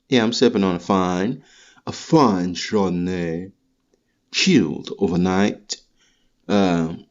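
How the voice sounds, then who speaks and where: A man's voice: low voice, darkish tone, highs cut off. A man hosting a podcast, delivering a rambling, profane comedic monologue full of crude rants. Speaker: podcast host.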